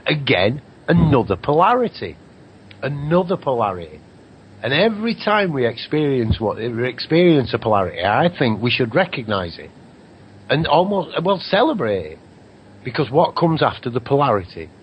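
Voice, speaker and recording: A man's voice: medium pitch, sing-song, normal speed, muffled recording, a little hiss or hum. A man hosting a radio show, rambling through a spiritual monologue, swearing now and then and slipping into mocking voices for other people.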